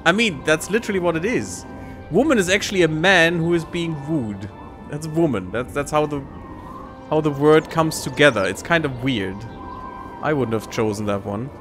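A man's voice: on the high side, animated, moderate pace, music in the background. A man hosting a let's play, giving casual sarcastic commentary while he plays and swears freely.

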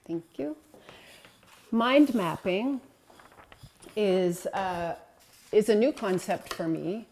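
Woman giving a warm, encouraging lecture. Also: mid-range voice, drawn-out words, long pauses. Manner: conversational and encouraging, with frequent ums. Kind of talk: presentation talk with slides.

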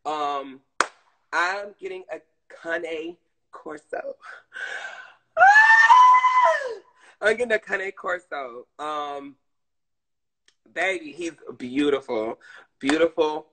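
Man, Southern US accent, live-stream chatter, swooping expressive voice, talks to his viewers. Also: on the high side, rough recording. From Southern United States. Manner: animated and chatty, addressing viewers and reading chat. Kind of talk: casual live-stream chat.

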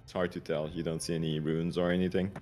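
A low-pitched man runs a tabletop game as dungeon master. He talks in a measured, hesitant way, pausing on fillers. Faint game music plays underneath. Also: level tone, darkish tone. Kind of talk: running a tabletop game over voice chat.

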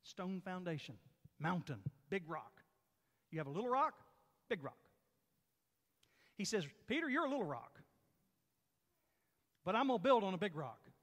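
Preacher man, lively swooping voice, pounding the points over and over, church hall echo. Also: sits high, normal speed, pauses often. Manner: emphatic, repetitive preaching with rising and falling force. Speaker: pastor. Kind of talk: sermon. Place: church sanctuary.

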